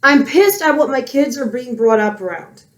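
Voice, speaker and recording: A woman's voice: high voice, animated, normal speed. A woman with children, ranting angrily in a heated commentary, swearing often. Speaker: political commentary vlogger.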